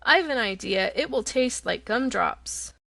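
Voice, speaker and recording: A woman's voice: fairly high pitch, animated, unhurried, creaky, bright, forceful tone, no room sound, full character voice. A woman voicing an old, hungry male tiger who talks big but turns tender, in a storybook reading. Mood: scheming. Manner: growling, boastful then tender.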